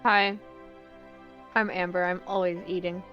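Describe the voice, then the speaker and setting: A woman's voice: lowish voice, little pitch movement, a little slow. A woman taking part in a tabletop game stream, chatting in a bubbly, self-deprecating way. Her mic sounds slightly dull and lo-fi, with faint music playing underneath. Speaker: player. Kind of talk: casual stream chat.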